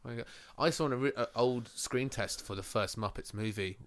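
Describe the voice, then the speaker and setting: A man's voice: mid-range voice, a little fast. A man co-hosting a casual chat, joking around and slipping into silly voices. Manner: jokey, bursts into silly voices.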